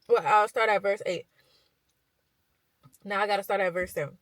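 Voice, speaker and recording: A woman's voice: medium pitch, steady tone, normal speed, no room sound, low-quality recording. Chatty young woman, dry close sound. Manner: chatty, full of fillers and slang. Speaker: vlogger. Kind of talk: casual retelling of a Bible story.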